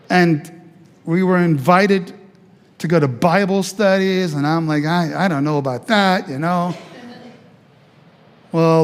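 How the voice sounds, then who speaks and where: A man, a pastor, telling his testimony as a sermon, animated and acting out the voices he quotes. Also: high voice. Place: church sanctuary. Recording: long church hall reverb.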